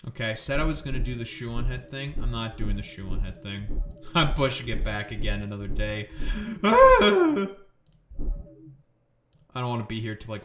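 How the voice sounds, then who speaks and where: A man's voice: fairly low pitch, fairly bright tone, reverberant, slight background noise. A man ranting on a live stream in a profane, sarcastic, exasperated way.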